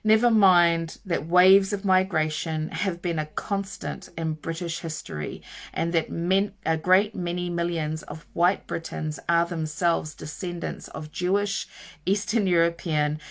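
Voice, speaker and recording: A woman host reading a nonfiction book aloud in a measured, emphatic way, stressing each item in her lists. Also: on the low side, gravelly.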